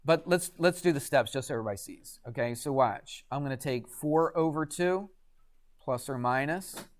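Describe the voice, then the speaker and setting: Here a man gives a math lecture at a moderate pace in a mid-range voice. He keeps it conversational and regularly quizzes the class.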